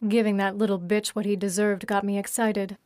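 A woman's voice: mid-range voice, little pitch movement, brisk, a little mellow, dry recording, studio quality, close to an everyday voice. Sarcastic, teasing young woman, read by a woman.

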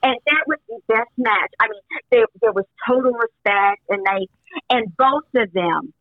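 A woman's voice: fairly high pitch, normal speed, no echo. Chatty woman on a phone line. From Missouri. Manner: chatty, rambling, laughs often. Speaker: guest, host's mother. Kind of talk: casual chat. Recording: dull phone-line sound.

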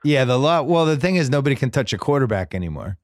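A man's voice: mid-range voice, big pitch swings, fast talker, no echo, studio quality. A man hosting a podcast, chatting casually about football in a rambling, wry way that keeps restarting its sentences. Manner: rambling, self-interrupting, wry. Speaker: podcast host. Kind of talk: casual sports chat.

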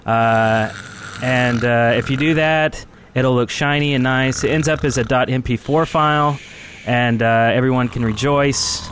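Co-host dude, jokey, says uh a lot, bit of background hiss. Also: male voice, medium pitch, fairly even intonation, a bit bright. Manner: joking, drawn-out fillers. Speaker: podcast co-host. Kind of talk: casual podcast chat.

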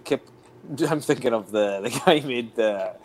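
A man's voice: mid-range voice, moderate pace, slight background noise. A Scottish man, a podcast host, in sweary, laughing, teasing casual banter. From Scotland. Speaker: podcast host, former footballer.

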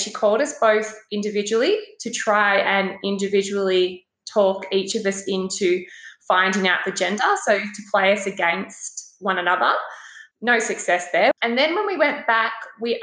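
A young pregnant woman from Australia, casually telling a story and swearing, acting out quoted voices with big jumps in pitch. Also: normal speed, fairly bright tone. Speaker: guest telling a personal story. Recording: roomy echo.

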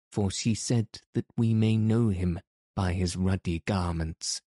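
A man's voice: on the low side, warm tone, dry recording, studio quality. A man playing a stern, menacing wizard. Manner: commanding and imperious.

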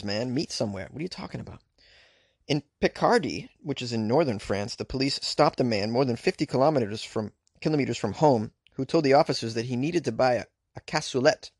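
A male podcast host delivers comedic news commentary, full of crude, sarcastic riffs and asides. His voice has a gravelly, fry-laden texture. The recording is dry and close, with no room sound. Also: medium pitch, no echo.

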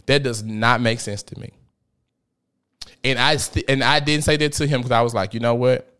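A man in his thirties talks straight to his podcast audience, telling a painful personal story. He is profane and emphatic, and his voice swings up and down for drama. His pitch sits in an ordinary middle range. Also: moderate pace, pushed and bright, clean tone. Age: 30s. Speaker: podcast host. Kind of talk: candid storytelling monologue.

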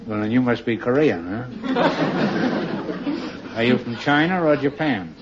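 A man hosting a quiz show, joking and teasing his contestants with quick quips. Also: mid-range voice, lively intonation. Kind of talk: wisecracking quiz show banter. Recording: dull old broadcast recording with hiss.

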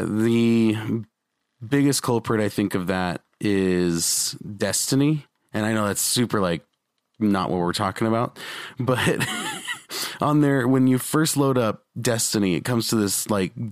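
A man co-hosts a casual podcast, joking around and laughing often in easygoing chat. His voice is fairly low, captured in a dry, studio-quality recording.

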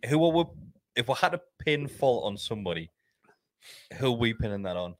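A man's voice: medium pitch, very animated, a little fast, no echo. A man hosting a casual football podcast, swearing freely and leading the talk. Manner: swears freely, leads the discussion.

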